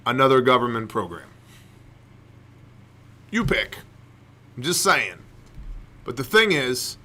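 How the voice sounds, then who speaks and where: A man delivers fervent faith-based commentary on his podcast, hammering home points with rhetorical questions and repeated lines. His voice is bright and forward, pitched at an ordinary middle register. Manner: preachy, rhetorical questions, emphatic repetition. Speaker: podcast host.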